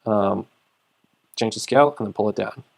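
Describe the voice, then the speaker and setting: A man giving a casual screen-share tutorial, rambling with lots of fillers and repeated words, sometimes dropping into quiet mumbles. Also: lowish voice, normal speed, vocal fry. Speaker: trading tutorial host.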